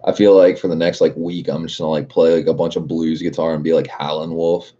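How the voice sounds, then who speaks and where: A man's voice: very deep voice, flat delivery, a little fast, hardly any pauses, mellow, breathy edge, muffled recording. A man streaming and chatting casually, laid-back and profane, reading chat comments aloud.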